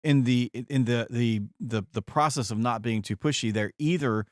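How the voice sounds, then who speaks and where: A man's voice: medium pitch, moderate pace, no echo. A man hosting a conversational interview, asking probing questions and musing at length. His voice sits in a middle register, recorded close and dry. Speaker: podcast host.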